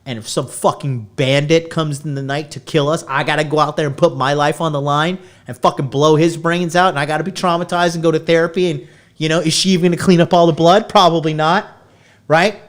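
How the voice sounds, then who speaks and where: A man's voice: a little high, steady tone, a little fast. Brash, swearing male podcast host. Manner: brash, swearing constantly, lecturing listeners. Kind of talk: profane dating-advice rant.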